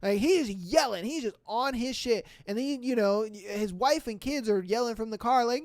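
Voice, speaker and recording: A podcast host in casual storytelling mode, reading listener posts aloud and riffing on them in slang. The voice sits at a middle pitch, and the recording is dry and close. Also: normal speed, few pauses, no room sound. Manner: animated, slangy, laughs at own stories.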